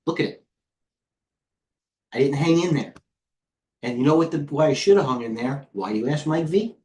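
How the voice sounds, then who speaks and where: A man's voice: fairly high pitch, lively intonation, normal speed, a little mellow. Brash man hosting a trading stream. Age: 50s. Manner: brash, rambling, swears, reads chat aloud. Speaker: live trading stream host. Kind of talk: casual live market commentary.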